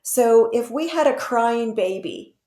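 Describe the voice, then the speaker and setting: A woman's voice: fairly high pitch, expressive, unhurried, dark tone, roomy sound. A woman guest expert in an interview, explaining earnestly with examples.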